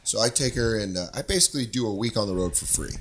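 A man's voice: fairly low pitch, fast, noisy background. A man hosting a podcast, telling a story in casual chat, acting out voices and swearing. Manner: animated, acts out voices, swears. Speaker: podcast host.

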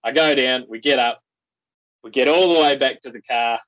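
An Australian man, a guest on a podcast, telling a rambling, animated story with frequent restarts. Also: mid-range voice, moderate pace, poor audio.

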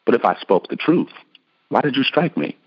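A man reading the measured, solemn lines of a calm teacher on trial. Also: medium pitch, breathy edge, highs cut off, voice pushed up.

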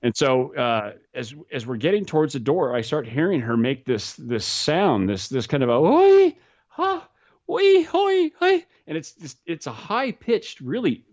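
A man's voice: mid-range voice, sing-song, moderate pace, hardly any pauses, dry recording. Guy rambling thru skydiving stories, repeats himself a lot, slightly muffled dry audio. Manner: rambling, repeats words, laughs at own stories. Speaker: skydiving instructor. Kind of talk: casual storytelling chat. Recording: slightly dull, dry recording.

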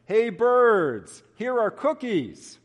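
A man's voice: fairly high pitch, big pitch swings, unhurried, highs cut off. A man voicing a sensible male frog who tries to show willpower, as he reads a storybook during a sermon. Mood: earnest. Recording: reverberant hall.

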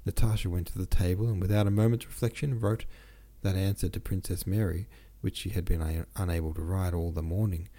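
A man narrating a classic novel as an audiobook, reading steadily and dropping low on dialogue tags. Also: fairly even intonation, brisk, few pauses, warm tone.

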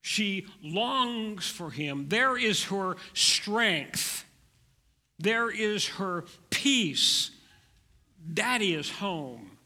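Pastor, man, preaching gently; bright tone, unhurried. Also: high-pitched, lively intonation, long reverb tail. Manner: gentle, slow preaching with soft drops. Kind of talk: sermon.

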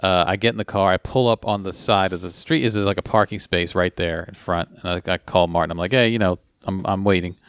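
A man telling a story in casual chat, animated, with his voice jumping up when he quotes people. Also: deep voice, fairly quick, hardly any pauses, smooth, no room sound.

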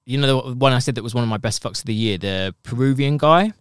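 A man co-hosting a podcast in casual chat, animated and giggly, often slipping into quoted voices. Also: medium pitch, fast, smooth, no room sound, studio quality. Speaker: podcast co-host.

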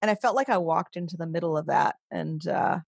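Halting, laughing woman guest in an interview. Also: fairly low pitch, gravelly, no room sound, studio quality. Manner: halting, many restarts and soft laughs. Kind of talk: conversational interview.

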